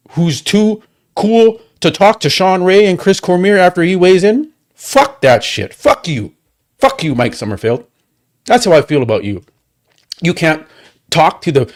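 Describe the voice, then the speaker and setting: A man with a slightly high voice hosts a live stream from his desk microphone, talking straight into it. He rants with heavy profanity, repeating himself and firing rhetorical questions one after another. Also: animated. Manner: profane, heated, rapid repetitions and rhetorical questions. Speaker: livestream host. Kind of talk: angry watchalong rant.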